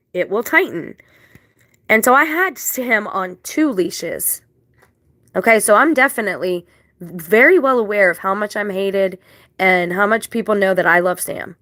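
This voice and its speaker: A woman's voice: medium pitch, fairly bright tone, no room sound. Indignant woman rambling in a vlog. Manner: religious turns of phrase. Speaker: vlogger. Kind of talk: casual vlog monologue.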